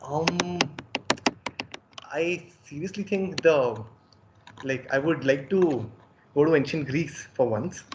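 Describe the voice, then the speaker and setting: Man, podcast guest, slightly high voice, hesitant, lots of ums, faint hiss. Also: slow, long pauses, highs cut off. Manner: hesitant, thoughtful, many ums. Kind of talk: casual podcast chat.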